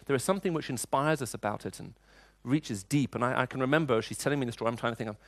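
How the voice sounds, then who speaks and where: A man's voice: medium pitch, quick pace, few pauses, dry recording. Middle-aged male preacher, chatty storytelling delivery, dry recording. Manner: storytelling, conversational, frequent restarts. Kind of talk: sermon with personal stories.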